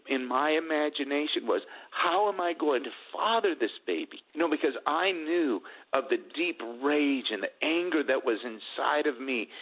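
A middle-aged man telling a personal family testimony in an earnest, halting way, with many restarts. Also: medium pitch, phone-quality sound. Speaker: guest telling his family story.

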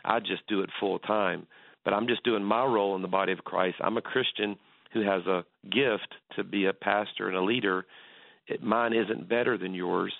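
A man's voice: lowish voice, fairly even intonation, normal speed, creaky, no echo. A man, a pastor, talking earnestly as a guest on a radio interview, telling stories with many restarts. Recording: tinny phone line, dry.

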